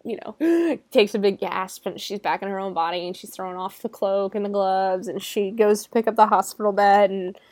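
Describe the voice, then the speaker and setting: A young adult woman talks through a movie plot in a loose, irreverent way, peppering it with "like", swear words and laughter. Her voice sits at a middling pitch and sounds dry and close, with no room around it. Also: a little fast, few pauses, darkish tone, no room sound. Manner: chatty and irreverent, swears, laughs often, fills with "like". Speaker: movie reviewer. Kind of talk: casual spoken film recap.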